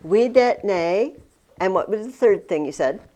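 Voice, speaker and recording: Slow, lively-voiced woman teaching Latin. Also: medium pitch. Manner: patient, drawn-out explanations with frequent restarts. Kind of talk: classroom teaching. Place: classroom with students.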